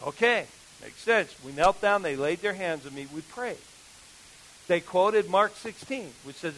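Male preacher, high-pitched, animated storyteller who acts out voices. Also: measured pace, poor audio. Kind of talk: storytelling sermon.

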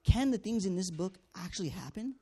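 A man tells a personal testimony in an earnest, storytelling manner. His voice sits a little high for a man. He acts out each exchange and leans on fillers as he goes. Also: expressive, brisk, warm tone, breathy edge. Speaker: student canvasser sharing a testimony.

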